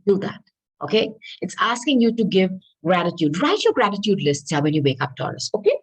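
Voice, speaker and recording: A woman's voice: medium pitch, very animated, slightly rough, poor audio. A woman giving a tarot reading, talking straight to the listener in an earnest, coaxing way and often checking in with "okay?". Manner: reads card messages aloud slowly. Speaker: tarot reader.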